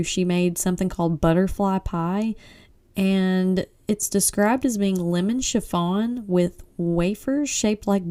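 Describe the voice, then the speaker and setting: Mellow-voiced woman hosting a chatty podcast. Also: on the low side. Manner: chatty, expressive, with frequent "like" and "I mean". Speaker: podcast host. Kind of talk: casual solo book-review podcast.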